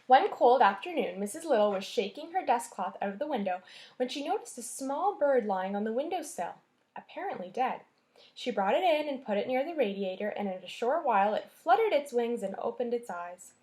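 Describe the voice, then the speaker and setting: A woman teacher with a fairly high voice reads a children's chapter book aloud. Her storytelling is expressive, and she stops now and then to point out the pictures. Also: fairly quick.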